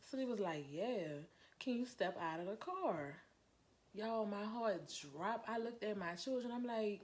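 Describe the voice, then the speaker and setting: A woman tells a personal story straight to camera in a casual vlog. She is chatty and animated, calls her viewers "y'all", and acts out what she said at the time. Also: medium pitch, a little slow. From Louisiana. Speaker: vlogger telling a personal story.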